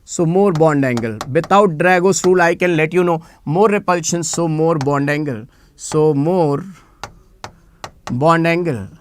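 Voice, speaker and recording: A man teaching a live online chemistry class, animated and repeating phrases as he coaxes students to answer in the chat. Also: fairly high pitch, unhurried, a little hiss or hum.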